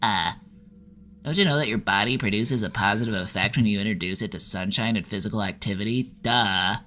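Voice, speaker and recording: A man's voice: fairly low pitch, brisk, sharp tone, slight background noise. A man doing a whiny nasal know-it-all teen. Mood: nasal pedantic. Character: whiny know-it-all teenage boy nagging.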